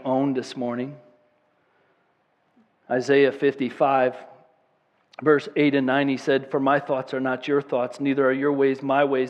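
A male pastor preaching a sermon, swinging between loud, emphatic declarations and quiet, earnest appeals, repeating words for emphasis. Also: medium pitch.

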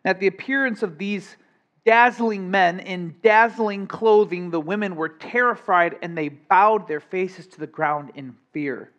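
High-voiced animated male pastor. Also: a little slow, dull audio. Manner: animated, conversational preaching with asides and acted quotes. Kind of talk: sermon.

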